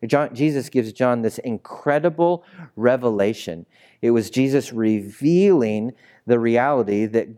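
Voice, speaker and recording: A young adult man, a pastor, speaks in a mid-range, slightly mellow voice. He delivers a conversational, joking sermon in a church sanctuary, pulling the congregation into call-and-response.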